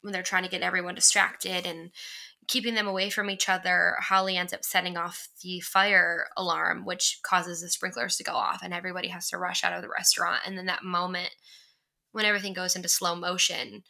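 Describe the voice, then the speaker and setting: A woman's voice: on the low side, level tone, a little fast, gravelly, bright, forceful tone, rough recording. A young adult woman co-hosting a casual movie-recap chat, talking in a chatty way with lots of "like" fillers. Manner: chatty, lots of "like" fillers, acts out quoted lines.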